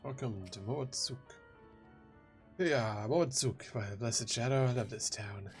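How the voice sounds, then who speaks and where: A man's voice: medium pitch, slow pace, soft background music. A man playing a video game and casually chatting, joking and reacting to the characters. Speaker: let's play gamer.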